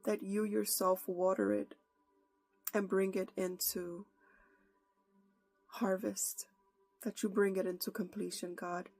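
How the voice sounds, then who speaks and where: Slow, gravelly woman preacher praying. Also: medium pitch, little pitch movement, darkish tone, no room sound, soft background music. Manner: slow, fervent, pleading prayer. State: holding back tears. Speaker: prophetic preacher. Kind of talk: prayer and prophetic message.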